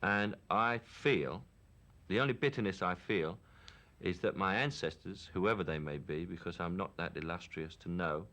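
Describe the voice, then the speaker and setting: Deep-voiced Cockney man speaking frankly. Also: normal speed, bright, forceful tone. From London, England. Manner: frank, opinionated and reflective. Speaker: interviewee. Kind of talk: candid documentary interview.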